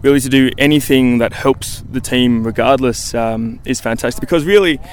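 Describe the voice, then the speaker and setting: A man's voice: medium pitch, clear, resonant tone. A young Australian man, a college football punter, talking easily as a radio guest, with many fillers and restarts. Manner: easygoing, halting with fillers. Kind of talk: phone-in interview.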